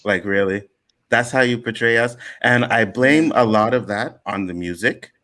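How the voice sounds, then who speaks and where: A man's voice: medium pitch, moderate pace. Man from nova scotia on a panel show telling stories, does the other people's voices, plain mid voice. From Nova Scotia, Canada. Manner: animated storyteller, acts out other people's lines. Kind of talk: casual panel chat.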